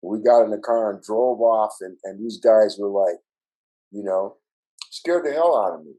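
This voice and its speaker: A man's voice: lowish voice, moderate pace, warm tone, poor audio. An older man from Minnesota, a musician guest, telling a rambling story full of swearing and "right?" tags. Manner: profane, rambling with tag questions. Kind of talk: casual storytelling.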